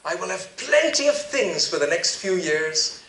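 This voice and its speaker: A man's voice: high-pitched, very animated, unhurried, sharp tone, a little hiss or hum, exaggerated voice. A man voicing a self-satisfied rich farmer who muses aloud about building bigger barns. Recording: echoey hall, distant mic.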